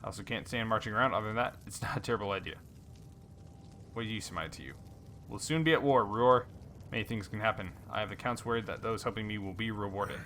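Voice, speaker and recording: A man's voice: fairly low pitch, quick pace, bright, forceful tone, slight background noise. A man hosting a let's play, casually reading game dialogue aloud with fillers and small slips.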